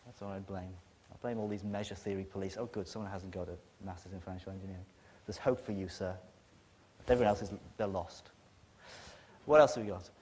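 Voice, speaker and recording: Low-pitched and darkish, this man's voice keeps a fairly even intonation and moves a little fast, with slight background noise. He's a conference speaker with a northern English accent giving a blunt, emphatic, sardonic lecture, and the hall adds long reverb.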